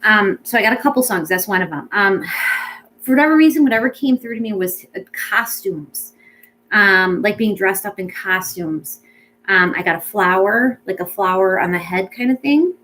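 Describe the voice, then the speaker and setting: A woman's voice: mid-range voice, normal speed, rough recording. Chatty woman giving a pet psychic reading. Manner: chatty and rambling, full of ums and likes; gentle and reassuring. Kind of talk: casual spoken mediumship reading.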